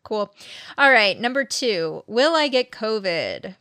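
A woman's voice: on the high side, very animated, takes it slowly, sharp tone, no room sound. A woman co-hosting a comedy podcast, chatting casually and giggling while she reads questions aloud. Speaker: podcast co-host.

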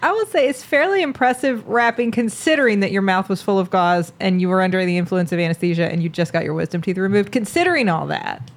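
A woman's voice: mid-range voice, quick pace, few pauses. A young woman co-hosting a casual sister chat, teasing her sibling and laughing often. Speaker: podcast co-host, older sister.

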